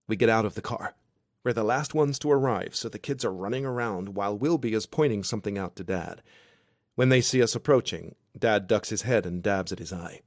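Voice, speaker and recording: A man narrating a romance audiobook in the first person, wry and expressive. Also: lowish voice, brisk, dry recording, clean studio sound. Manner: wry, expressive, self-deprecating.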